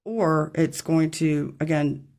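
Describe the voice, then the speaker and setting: A woman's voice: deep voice, fairly even intonation, takes it slowly, vocal fry, darkish tone. A woman giving a casual tarot reading to her camera, chatty and rambling, apologizing when she gets tongue-tied. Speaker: tarot reader. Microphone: camera mic.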